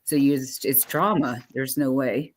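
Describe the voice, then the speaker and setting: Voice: medium pitch, steady tone, a little slow, a little hiss or hum. Rambling live-stream co-host. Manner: rambling, laughing and filling with "like". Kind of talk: casual chat with live chat.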